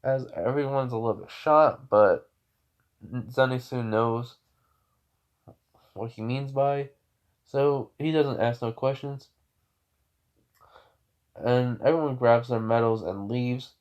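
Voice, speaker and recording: A man's voice: mid-range voice, takes it slowly, pauses often, muffled recording. A young man casually retelling a fan story, rambling with many fillers and restarts.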